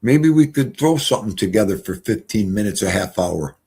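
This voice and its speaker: A man's voice: fairly low pitch, expressive, normal speed, vocal fry, a little mellow, breathy edge. A man, live-streaming and chatting casually in a rambling, folksy storytelling way.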